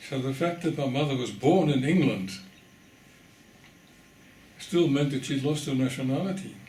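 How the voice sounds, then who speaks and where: An older man from the Netherlands giving an oral history testimony, telling his story in a measured way and pausing for weight. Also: medium pitch, warm tone, reverberant, a little hiss or hum. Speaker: interviewee.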